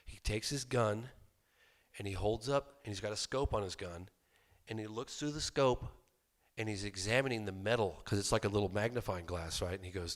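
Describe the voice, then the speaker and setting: Middle-aged man from California, slightly low voice, lively public-talk storyteller who acts out quotes. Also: normal speed. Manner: animated storyteller, acts out quotes, many restarts. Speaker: documentary filmmaker giving a public talk. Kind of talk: storytelling talk to a live audience.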